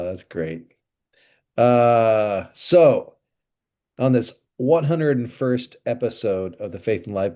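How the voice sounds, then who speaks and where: A man's voice: mid-range voice, mellow. A man who is a pastor, hosting a podcast in easygoing casual chat and rambling through stories. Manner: easygoing, chuckles, rambling storytelling.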